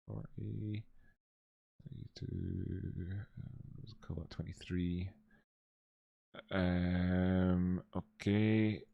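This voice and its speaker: Brief: low-voiced male live-stream host, loose and rambling, dry close sound. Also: gravelly, mellow, clear, resonant tone, dry recording. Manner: loose, thinking aloud with many fillers. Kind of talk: live-stream chat and chart analysis.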